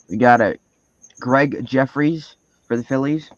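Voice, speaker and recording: A man with a Canadian accent hosting a live card break and reading off each card in a steady listing rhythm. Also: medium pitch, slow pace, vocal fry, dry recording, highs cut off.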